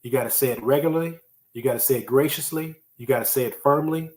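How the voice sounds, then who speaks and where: Male host, mid-pitch, casual motivational talker who drives points home through repetition. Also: fast talker. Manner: conversational, emphatic, repeats key phrases for effect. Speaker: podcast host teaching time management. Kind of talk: solo motivational teaching talk.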